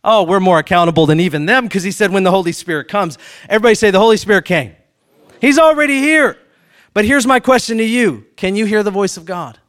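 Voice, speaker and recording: A male pastor delivering a sermon in a notably high voice. He preaches with animation, acting out little question-and-answer exchanges. He swings from loud emphatic peaks to soft, hushed asides. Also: expressive, fast talker.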